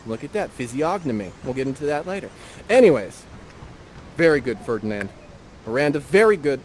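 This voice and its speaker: A man's voice: medium pitch, a little hiss or hum. A man acting as a playful, theatrical director, guiding audience members through an improvised scene. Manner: animated, playful and theatrical, with quick asides. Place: virtual reality theater show.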